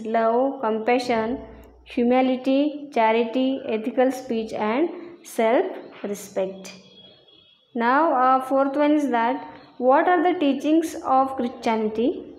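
A woman teacher slowly reading out textbook answers and repeating each one. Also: fairly high pitch, darkish tone. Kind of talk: slow classroom lesson reading answers aloud. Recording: echoey room.

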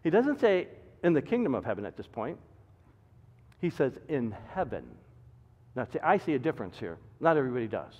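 A man preaching a sermon, swinging between loud emphatic climbs and quiet low drops, firing repeated rhetorical questions at the congregation. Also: sing-song, brisk, long pauses. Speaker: pastor. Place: church sanctuary. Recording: reverberant hall, dull lo-fi sound.

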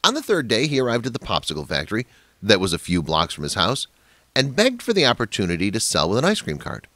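Male story narrator with a lively low voice. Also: fast, no room sound.

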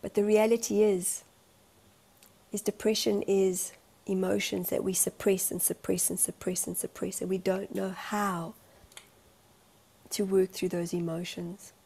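A woman's voice: medium pitch, little pitch movement, measured pace, gravelly, warm tone, breathy edge. A woman in a candid vlog monologue, speaking as a life coach in an earnest, emotional, rambling way.

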